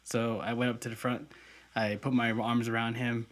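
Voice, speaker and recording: A man's voice: medium pitch, level tone, moderate pace. A young man co-hosting a podcast, telling a personal story in an earnest, heartfelt way with many fillers. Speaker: podcast co-host. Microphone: podcast mic.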